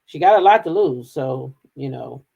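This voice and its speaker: A woman's voice: rumbling low, lively intonation, normal speed, vocal fry, dark tone, husky, lo-fi sound. A woman hosting a casual commentary show, sassy and emphatic, often repeating herself. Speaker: host.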